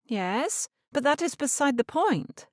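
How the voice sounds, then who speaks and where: A woman's voice: high-pitched, very animated, takes it slowly, no echo, studio quality, pitched above the performer's own voice, full character voice. A woman narrator voicing an earnest young lady in an audiobook, protesting in a pleading tone.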